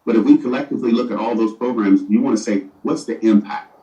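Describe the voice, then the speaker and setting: Recorded far from the microphone in a reverberant room, a middle-aged mayor talks fast in a medium-pitched, dark voice, answering interview questions earnestly while often stumbling and repeating himself. The audio sounds dull.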